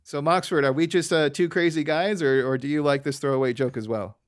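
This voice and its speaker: A man hosting a relaxed podcast chat, animated and chatty as he walks through an episode. His voice sits a touch high for a man, and he often slips into playful line readings. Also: brisk, clean tone. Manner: animated, often acts out quoted cartoon lines. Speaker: podcast host. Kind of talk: casual chat, episode recap.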